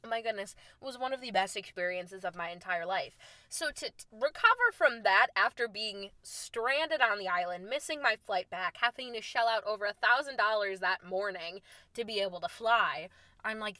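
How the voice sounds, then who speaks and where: A young woman telling a travel story in a casual, lively way, acting out the lines she quotes. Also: normal speed, dry recording. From United States. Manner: animated, acts out quoted lines with big pitch jumps. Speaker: storyteller host.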